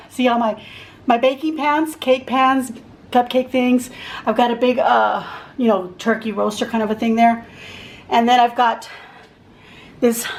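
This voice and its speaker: Woman from Texas, middle-aged, gravelly, rather high voice, rambling kitchen vlog chat, faint room ambience. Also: poor audio. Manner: chatty, rambling, searching for words. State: out of breath. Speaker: vlogger. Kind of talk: casual home tour chat. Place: home kitchen.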